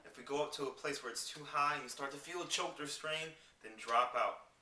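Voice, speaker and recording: A man giving a singing lesson, explaining clearly and demonstrating vocal scales on simple syllables. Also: a little high, fairly quick, bright, forceful tone, distant mic, a little hiss or hum. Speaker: singing teacher. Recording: roomy sound with piano behind. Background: piano accompaniment.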